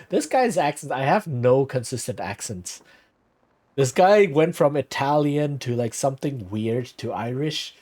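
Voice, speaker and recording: Guy streaming a game, rambling chat, lots of ums, mid pitch. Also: expressive, a little slow, a little mellow. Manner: chatty, hedging, many fillers. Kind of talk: casual gameplay commentary.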